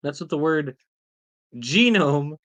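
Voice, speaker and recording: A man co-hosting a casual livestream, talking in an animated, incredulous way. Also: on the high side, moderate pace. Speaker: co-host.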